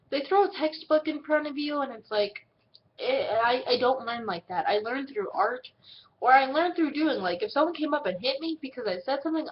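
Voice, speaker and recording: A woman's voice: high voice, lo-fi sound. A seventeen-year-old girl, answering viewer questions in a casual vlog, blunt and swearing freely, acting out what people say in little put-on voices. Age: teens.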